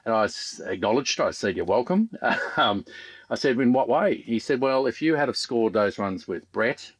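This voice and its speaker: An Australian man in his fifties, a former fast bowler guesting on a podcast, telling rambling stories with dry humour and lots of ums. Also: fairly low pitch, husky, dry recording. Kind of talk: casual podcast chat.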